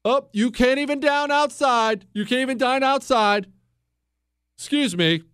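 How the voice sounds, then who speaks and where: A man's voice: very high-pitched, a little slow, fairly bright tone, clear, resonant tone, dry recording, studio quality. A male talk show host delivering a fiery, opinionated monologue, hammering his points and repeating phrases for punch.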